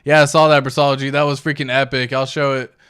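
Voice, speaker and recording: A man's voice: mid-range voice, level tone, fast talker, a bit bright, clean tone. Laid-back man hosting a crypto livestream. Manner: laid-back, chuckles often, slangy. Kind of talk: casual livestream chat reading viewer comments.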